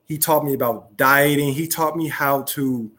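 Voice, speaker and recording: A young man, a professional football player, talking casually as a guest, softly and with many restarts. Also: mid-range voice, fairly even intonation. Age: young adult. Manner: soft-spoken, halting with many restarts. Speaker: guest, pro football wide receiver. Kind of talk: casual interview talk.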